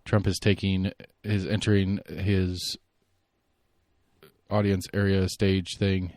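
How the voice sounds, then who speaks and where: A man hosting a solo podcast, giving rambling, opinionated political commentary and thinking out loud. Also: sits low, flat delivery, slow, dry recording, clean studio sound. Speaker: podcast host.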